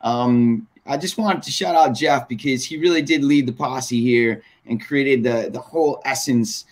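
A man's voice: medium pitch, a little slow. A man recalling his dubbing work as a guest, thoughtful and full of fillers. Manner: reflective, many fillers. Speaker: voice actor guest. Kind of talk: casual chat.

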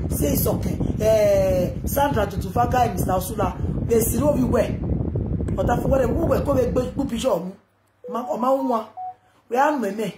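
A woman with a Nigerian accent rants loudly and rambles through a live video, slipping between Pidgin and local languages. Her voice rings in an echoey room. Steady background noise runs under her talk. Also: a little high, normal speed.

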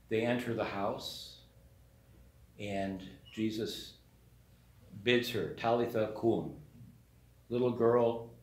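A man, a parish priest, giving a sermon in a conversational storytelling manner and briefly acting out the voices in the story. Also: fairly low pitch. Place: church. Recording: echoey church room.

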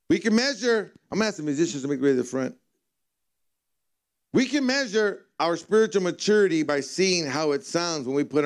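A man pastor preaching a sermon in a conversational way, telling funny stories. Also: a little high. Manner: conversational preaching with humorous storytelling. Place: church service.

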